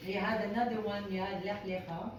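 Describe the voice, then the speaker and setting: A woman's voice: mid-range voice, fairly even intonation, a little fast. Woman attendee, brief remarks, far from the mic, very echoey room, noticeable noise. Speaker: class attendee. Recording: distant, echoey, with background noise.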